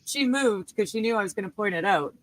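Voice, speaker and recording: A woman co-hosting a casual livestream from home, chatting while she crafts, relaxed and laughing often. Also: medium pitch, fairly quick, a loud crowd, poor audio. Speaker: livestream co-host.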